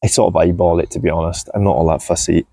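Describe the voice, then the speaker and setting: A man chatting casually while he shows his farm and garden, relaxed and self-deprecating, with a clip-on mic. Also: low-pitched, fast talker, no room sound. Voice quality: gravelly. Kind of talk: casual walk-and-talk vlog. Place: outdoors on a farm and in a polytunnel. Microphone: clip-on mic on clothing.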